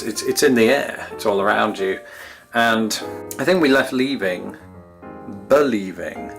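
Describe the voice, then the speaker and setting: Low-voiced English man reminiscing. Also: vocal fry. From England. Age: 30s. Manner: wry, self-deprecating, chatty. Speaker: YouTube host. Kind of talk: casual reminiscing monologue.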